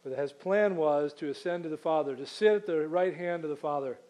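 A man preaching a sermon conversationally, asking rhetorical questions and slowing down to read scripture aloud. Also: fairly high pitch, darkish tone.

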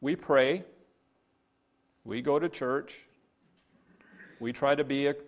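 A man's voice: medium pitch, takes it slowly. Pastor type, earnest sermon, plain mid-range male voice. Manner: earnest, storytelling with scripture.

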